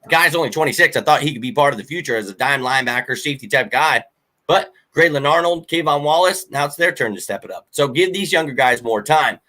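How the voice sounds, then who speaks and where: Blunt, ranting man, bright voice. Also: on the high side, quick pace. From Philadelphia. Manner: blunt, animated fan rant with frequent fillers. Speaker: sports podcast host. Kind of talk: casual sports talk.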